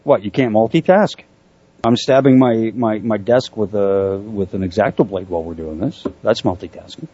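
A man's voice: lowish voice, normal speed, dark tone. A man hosting a talk radio show, bantering casually and laughing often. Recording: dull, husky lo-fi audio.

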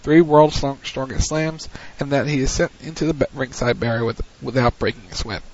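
A man's voice: mid-range voice, darkish tone. A man hosting a wrestling recap, retelling the action play-by-play in a casual way. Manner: recounts events in a hurried play-by-play, with frequent restarts. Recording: dull lo-fi audio.

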